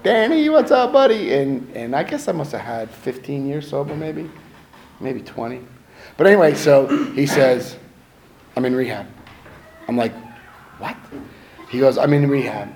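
A man's voice: mid-range voice, fairly even intonation, normal speed, vocal fry, pauses often, darkish tone, a little hiss or hum, rough recording. A middle-aged man telling stories in a casual, self-mocking way, acting out what people said. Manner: conversational, self-mocking, acts out quotes. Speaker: speaker sharing his story. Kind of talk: casual storytelling talk.

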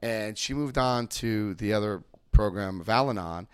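Animated man telling a recovery story. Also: on the low side, measured pace, clean tone, no room sound. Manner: animated storytelling, repeats phrases for emphasis. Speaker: recovery group speaker. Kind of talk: personal testimony and step study talk.

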